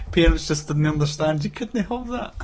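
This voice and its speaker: A man's voice: fairly high pitch, expressive, normal speed, a little mellow. A man in casual chat as a podcast co-host, laughing often and acting out voices in his stories. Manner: laughing, acts out quoted voices.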